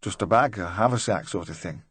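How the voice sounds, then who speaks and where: A man's voice: fairly low pitch, brisk, fairly bright tone, breathy edge, dry recording. A man voicing a nervous, talkative middle-aged van driver who rambles and tries to joke his way through questioning. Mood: chatty, uneasy. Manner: rambling, eager to please, forced joviality.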